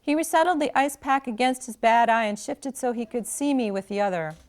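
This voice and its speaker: A woman author reads her own novel aloud, first person and steady. Her voice sits somewhat high. The narration is clear and evenly paced, like an audiobook reading. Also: a little fast.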